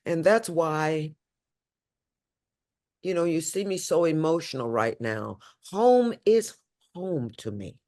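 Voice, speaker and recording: An older woman from St. Louis, a guest talking emotionally in an interview, swinging from loud high exclamations to low hushed tones. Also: expressive, slow, long pauses. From St. Louis, USA.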